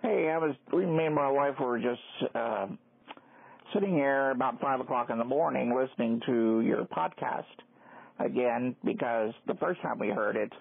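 A man's voice: medium pitch, normal speed, gravelly, no echo. A man from Texas leaving a chatty voicemail for a podcast host. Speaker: caller. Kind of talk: voicemail message. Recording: tinny dry phone line.

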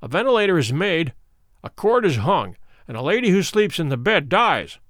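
A man plays a shrewd, calm middle-aged detective from a storybook reading. He lays out his reasoning in measured, probing questions, his fairly high voice rising and falling a lot. The sound is close and dry. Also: dry recording.

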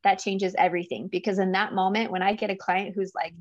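An earnest woman talks openly as an interview guest, laughing easily and getting emotional. Her voice sits at a middle pitch. The recording is dry and a little dull, with no room sound. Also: flat delivery, fast talker, few pauses, no room sound. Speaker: guest, business coach for mothers. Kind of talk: casual interview conversation.

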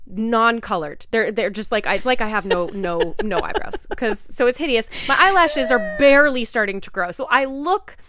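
A woman's voice: on the high side, lively intonation, normal speed, hardly any pauses, fairly bright tone, dry recording. A woman co-hosting a podcast, chatting casually and telling a story with lots of acted-out quotes. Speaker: podcast co-host.

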